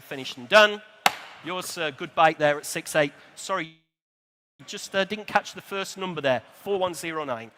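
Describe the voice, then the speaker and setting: A bright, high-voiced man calls bids at a live auction, keeping a brisk, rhythmic patter with friendly asides to bidders. His voice carries a long reverb from a large exhibition hall. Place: motor show sale room.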